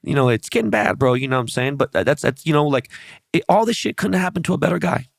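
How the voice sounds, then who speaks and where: A man hosting a podcast in casual chat, blunt and profane, teasing his guest with quick-fire questions. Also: a little high, lively intonation, vocal fry, dry recording, clean studio sound. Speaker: podcast host.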